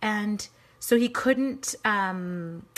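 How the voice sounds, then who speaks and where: Drawing out her words in a mid-range voice, a middle-aged woman hosts a casual card-making livestream from home. She chats as she crafts, greeting her viewers by name.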